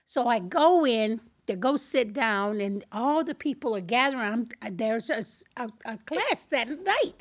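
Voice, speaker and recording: An older woman, a podcast guest, telling a lively anecdote in casual chat, laughing and acting out the people in her story. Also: fairly high pitch, measured pace, few pauses, no echo, clean studio sound.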